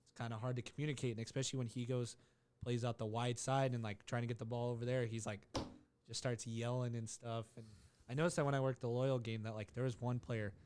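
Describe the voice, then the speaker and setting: A man co-hosts a relaxed podcast and talks in a loose, rambling way. He strings thoughts together with many fillers and restarts, and his voice sits at an ordinary middle pitch. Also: fast talker, slight background noise. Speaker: podcast co-host. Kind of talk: casual chat.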